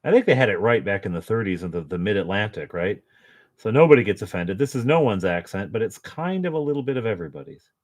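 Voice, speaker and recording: A man's voice: fairly low pitch, big pitch swings, fast, a little mellow. A man chatting casually to his viewers while painting at home, joking about himself and chuckling often. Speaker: painting vlogger.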